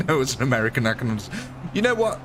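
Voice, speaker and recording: A man's voice: mid-range voice, very animated, quick pace, noisy background. A young man with a northern English accent, chatting on a live stream, answering viewers by name and laughing often. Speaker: game streamer. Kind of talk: live-stream chat and commentary.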